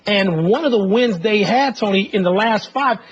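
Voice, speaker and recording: High-pitched dude arguing sports picks hard, muffled sound, music in back. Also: male voice, moderate pace, slightly rough. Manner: emphatic, insistent arguing. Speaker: sports TV co-host. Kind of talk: argumentative sports banter. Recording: muffled podcast audio with music underneath.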